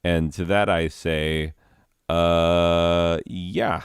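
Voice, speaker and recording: Young male comic, low and unhurried, smooth clear tone. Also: steady tone, dry recording, clean studio sound. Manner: rambling with asides and fillers. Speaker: comedian. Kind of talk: deadpan storytelling comedy.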